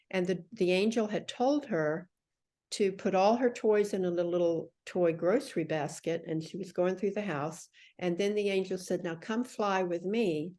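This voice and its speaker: A middle-aged woman recounts a personal story as a podcast guest. Her voice sits a bit low, and she slips into the voices of the people she quotes. She tells it with animation. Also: darkish tone.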